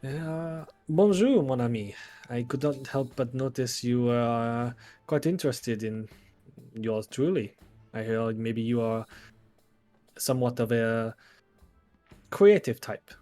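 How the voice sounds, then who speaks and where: Man doing a smooth-talking artificer with a put-on French accent, theatrical, for a tabletop game. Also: medium pitch, slow pace, pauses often, warm tone, soft background music, lightly acted. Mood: charming. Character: charming male artificer with mechanical arms. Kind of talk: tabletop role-play in character.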